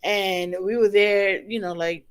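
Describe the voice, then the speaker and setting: A co-host chatting casually on a livestream, telling personal stories in a relaxed way. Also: mid-range voice, measured pace, clean tone.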